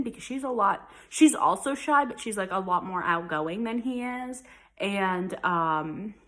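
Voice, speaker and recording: A young mom vlogger chats casually and rambles, using lots of fillers like "like" and "um." Her voice is on the low side but bright, with a forceful tone.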